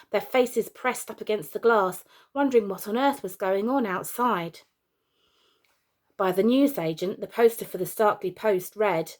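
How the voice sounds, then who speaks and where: A woman, a teacher, reading a chapter of a children's storybook aloud in a plain, steady way, with the odd small slip and restart. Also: mid-range voice.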